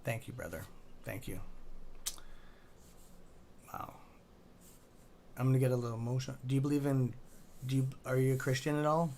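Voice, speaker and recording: A man's voice: mid-range voice, fairly even intonation, normal speed, long pauses, darkish tone, slight background noise. A man hosting a casual live stock-trading stream, rambling and chatty with a sore throat, swearing now and then.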